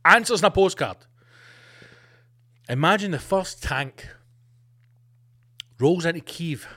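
A man's voice: fairly high pitch, expressive, slow, sharp tone. A man hosting a podcast, ranting in a sweary, sarcastic comic monologue and slipping into mock voices. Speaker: podcast host.

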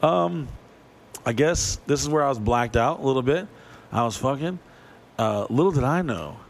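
A man telling a crude, profane story on a podcast, animated and acting out the voices of people in it. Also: medium pitch, moderate pace.

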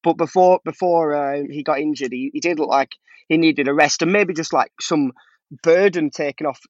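A man talks football as a podcast guest, laughing easily and tripping over his own restarts. His voice sits a little high for a man. The audio is dull and dry, like a remote call. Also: moderate pace, no echo. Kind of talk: casual podcast chat.

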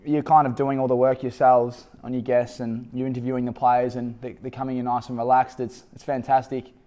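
A man's voice: medium pitch, little pitch movement, a little fast, warm tone. An Australian man, a former footballer, who hosts a podcast and interviews his old teammate in a chatty, matey way. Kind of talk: casual interview chat.

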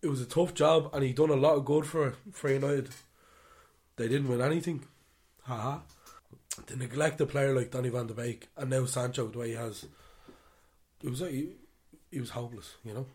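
A man co-hosting a football podcast, ranting animatedly and swinging between loud outbursts and muttered asides. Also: medium pitch, fairly even intonation, moderate pace, long pauses. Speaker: podcast co-host. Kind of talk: casual football chat.

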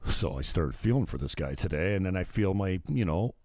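A man with a very low voice hosts his own livestream, ranting in a loose, profane ramble. He drifts off topic and chuckles at his own jokes. The sound is dry and close, with no room echo. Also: lively intonation, brisk, a little mellow. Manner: profane, sidetracked, laughs at himself. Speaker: livestream host. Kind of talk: casual rambling rant.

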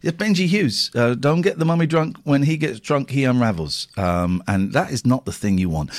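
A man hosting a live radio show, talking in a rambling, jokey way that swings between excited and muttered. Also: mid-range voice, normal speed, hardly any pauses. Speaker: radio host. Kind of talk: casual live radio chat.

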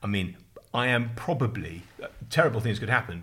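A man's voice: on the low side, expressive, fairly quick, bright, forceful tone. A man, co-hosting a casual chat and telling rambling comic stories. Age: 50s. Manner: rambling, comic, acts out quoted voices. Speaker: podcast co-host.

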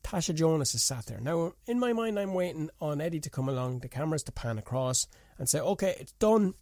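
A man's voice: animated, fast, no echo, studio quality. Indignant man ranting. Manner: indignant, rhetorical ranting with sharp pitch jumps. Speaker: boxing pundit. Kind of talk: opinionated monologue.

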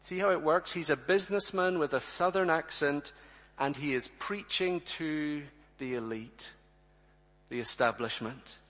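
Slow, emphatic male preacher in a reverberant hall. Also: on the high side, fairly bright tone. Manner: emphatic, rhetorical questions, addresses congregation directly. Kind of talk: sermon. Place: church.

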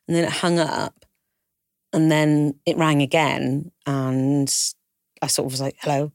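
A woman with a low voice talks through a hard personal story in a candid, conversational way, slipping into other people's voices as she goes. The sound is dry and close, with no room around her. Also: flat delivery, measured pace, darkish tone, dry recording. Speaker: podcast co-host telling her own story.

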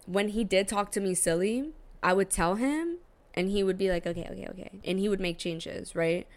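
A woman hosting a podcast, telling a story in a slangy, profane, animated casual way. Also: mid-range voice, normal speed. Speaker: podcast host.

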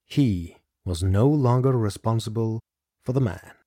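A man's voice: lowish voice, unhurried, dark tone, no echo, studio quality. A man narrating a scripted true-crime story in a dramatic manner, speaking straight to the listener. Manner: addresses the listener directly, dramatic. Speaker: podcast narrator.

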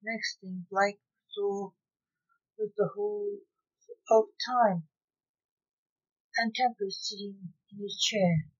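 A woman narrating a story, reading it out slowly and evenly. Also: medium pitch, steady tone, breathy edge. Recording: dull lo-fi recording.

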